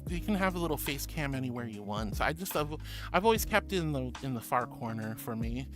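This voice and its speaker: A woman's voice: extremely low pitch, animated, brisk. A woman with an American accent streaming live, reading chat aloud in a sweet, doting, giggly way. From born in Australia, raised in the US. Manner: sweet, doting, calls viewers sweetie and honey; giggly and bubbly. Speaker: VTuber streamer. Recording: background music under the voice.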